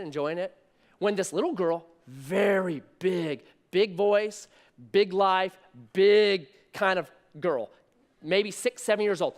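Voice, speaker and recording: A man in his thirties preaching a sermon, telling a story in an animated, conversational way. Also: high-pitched. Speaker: pastor.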